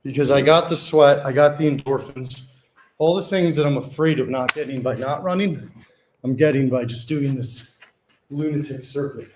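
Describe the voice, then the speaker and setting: A man's voice: medium pitch, normal speed, a little mellow, roomy sound, slight background noise. A man talking to the camera during a gym workout, casual and profane, hyping himself up between sets and now and then short of breath. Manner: profane, hyped self-talk between sets. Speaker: fitness vlogger. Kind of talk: casual workout vlog talk.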